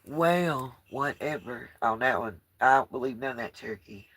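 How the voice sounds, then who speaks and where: A woman's voice: very deep voice, animated, moderate pace, fairly bright tone, slightly rough. A woman vlogging from inside a parked motorhome, chatting to her viewers in a rambling, plain-spoken way. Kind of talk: casual chat to camera.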